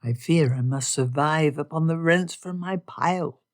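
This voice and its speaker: This is a dry, wry young gentleman who speaks formally and keeps himself measured, voiced by a woman narrating an audiobook. His voice sits a little low. Every sentence sounds considered. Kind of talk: audiobook character voice.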